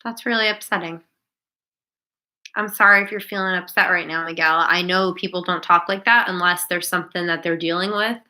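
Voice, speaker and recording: A woman's voice: lowish voice, fairly even intonation, a little fast, pushed and bright, poor audio. A woman teacher hosting a live online class Q&A, talking directly to her students by name.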